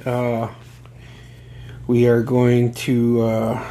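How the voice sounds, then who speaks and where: Excitable, swearing middle-aged man host. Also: medium pitch, extremely slow. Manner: excitable and profane, rambling with many fillers. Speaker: podcast host. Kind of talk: casual chat.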